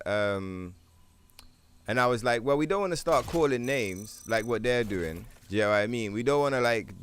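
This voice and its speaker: A man's voice: lowish voice, fairly bright tone, clear, resonant tone, no room sound. Profane man streaming a game. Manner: profane, swears constantly. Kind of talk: casual gaming stream commentary.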